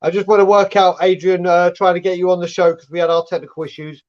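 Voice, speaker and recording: A man's voice: high-pitched, little pitch movement, fast, a little mellow, lo-fi sound. A man hosting a football podcast, friendly and calling people "mate". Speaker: podcast host.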